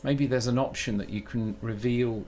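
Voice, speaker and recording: A man streaming live while programming, thinking aloud in a halting way that keeps breaking off mid-sentence. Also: medium pitch, fairly even intonation, warm tone, slight background noise. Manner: halting, self-interrupting, muttering while working.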